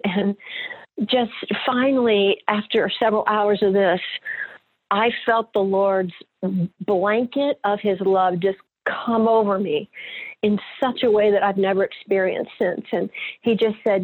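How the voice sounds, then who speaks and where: Woman, middle-aged, earnest and heartfelt, husky tone, tinny phone line. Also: medium pitch, moderate pace. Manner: earnest, emotional storytelling with light laughs. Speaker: actress guest. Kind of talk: personal testimony in interview.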